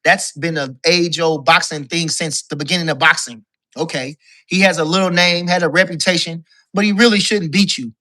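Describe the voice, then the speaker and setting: A man with a bright, forceful voice rants about boxing as a call-in guest. He swears freely and keeps repeating his points for emphasis. He sounds loose and heated. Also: fairly high pitch, steady tone, normal speed. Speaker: guest caller, boxing commentator. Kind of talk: casual boxing talk rant.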